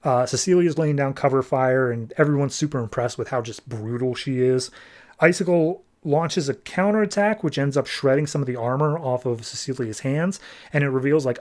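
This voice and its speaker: A man with a fairly high voice for his sex talks through a comic's plot as a podcast host. His delivery is loose and conversational, sprinkled with "like" and quick paraphrased lines from the characters. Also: a little mellow. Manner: loose, chatty retelling with frequent "like" and quick paraphrased quotes. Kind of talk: casual plot recap.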